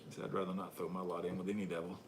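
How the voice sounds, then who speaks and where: Deep man firing quick wry asides. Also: little pitch movement, background noise. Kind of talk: casual political chat.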